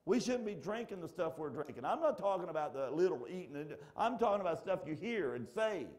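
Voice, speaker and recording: A man preaching a fervent sermon in a church. His voice sits a little high for a man, leaps up into shouts and then drops to a near whisper, and he pushes each point home with repetition. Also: sing-song, brisk. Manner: fervent preaching, swinging from shouts to hushed asides. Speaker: pastor. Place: church sanctuary.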